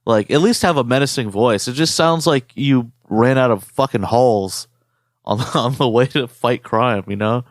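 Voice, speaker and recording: Man, podcast co-host, casual, profane, joking, mid pitch, dry room. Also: normal speed, dry recording. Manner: profane, animated storyteller who imitates movie voices. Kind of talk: casual chat.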